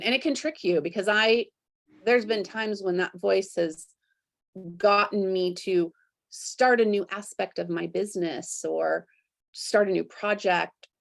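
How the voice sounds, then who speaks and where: A woman hosting a podcast, reflective and candid, who acts out her inner voices with sudden high jumps. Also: gravelly. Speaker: podcast host. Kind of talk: conversational interview.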